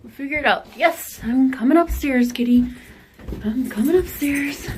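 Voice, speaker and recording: A woman chatting casually through a home vlog, talking to her pets in a high baby voice now and then. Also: moderate pace, a little mellow, slight background noise. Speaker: vlogger. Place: house, indoors.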